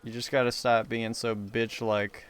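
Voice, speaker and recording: A young adult man streams a video game, talking to his chat in a loose, rambling, profane, self-mocking way. His medium-pitched voice barely moves in pitch and is unhurried, with a little hiss or hum on the recording.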